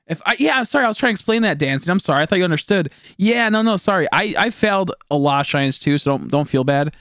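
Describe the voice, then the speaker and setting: Young man streamer, lively pitch, fairly high voice, laughs a lot, dry close sound. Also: fast, no echo. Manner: excitable, profane, laughs often. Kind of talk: casual gameplay stream commentary.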